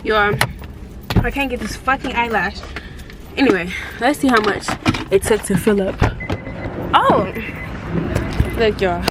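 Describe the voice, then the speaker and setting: A woman's voice: mid-range voice, animated. A young woman vlogging from her car, talking bluntly and casually into a phone camera and swearing freely. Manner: chatty, blunt and heavily profane, drawn-out complaints. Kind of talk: casual vlog chatter. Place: in a car, on the road and at a gas station. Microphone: phone camera set up in the car. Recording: loud car and street noise. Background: car and outdoor traffic noise.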